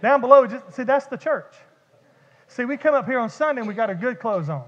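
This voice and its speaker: High-voiced preacher in echoey church. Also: male voice, a little fast. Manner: animated, conversational preaching with vivid humor and repeated words. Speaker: pastor. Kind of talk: sermon. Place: church sanctuary. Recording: dull echoey church hall.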